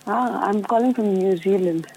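A woman calling into a radio show just after waking up, speaking in a drowsy, halting, soft way. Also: mid-range voice, husky, rough recording. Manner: drowsy, halting and soft-spoken, laughing shyly. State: just woken up. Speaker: caller.

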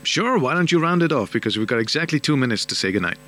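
A man's voice: mid-range voice, big pitch swings, quick pace, fairly bright tone, a little hiss or hum. A man hosts a late-night radio call-in show. He chats with callers and hands out plain advice. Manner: chatty, advice-giving, switches into Hindi.

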